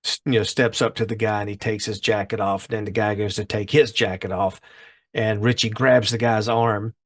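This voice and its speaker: A man's voice: on the low side, flat delivery, normal speed. A man co-hosting a podcast, casually retelling a TV episode in a rambling way with many restarts. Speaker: podcast co-host.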